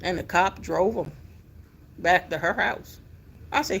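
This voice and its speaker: A middle-aged woman, telling a personal story in a casual, animated way with emphatic exclamations. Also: lowish voice, unhurried, creaky, long pauses, a little hiss or hum. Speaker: vlogger telling her life story.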